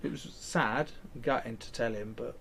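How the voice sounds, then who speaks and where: A man's voice: medium pitch, normal speed, creaky, a bit bright, slight background noise. A man, candidly retelling events in an interview and acting out quoted lines, with some casual swearing.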